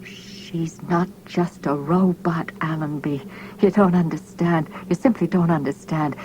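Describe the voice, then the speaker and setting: A woman voicing a desperate, lonely man who pleads and shouts, reading an audiobook. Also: deep voice, fairly even intonation, a little slow, a little hiss or hum, poor audio.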